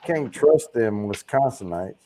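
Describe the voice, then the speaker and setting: A man's voice: mid-range voice, lively intonation, unhurried, dark tone, poor audio. A man hosting a casual livestream chat, joking and teasing his guests. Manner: teasing, joking, loose and crude. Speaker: host.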